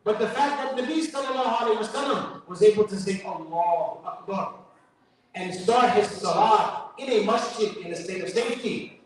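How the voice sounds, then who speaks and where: A man's voice: high-pitched, moderate pace. New york guy preaching, jokes around, quotes arabic, mic far off in a big echoey room. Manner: conversational preaching with joking asides and Arabic quotations. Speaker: guest speaker at a mosque fundraiser. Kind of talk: sermon.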